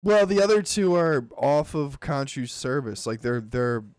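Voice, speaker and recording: A man's voice: mid-range voice, expressive, unhurried, darkish tone, smooth, dry recording. A man co-hosting a casual podcast, who laughs a lot, swears freely and breaks into joke voices. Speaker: podcast co-host. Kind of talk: casual chat.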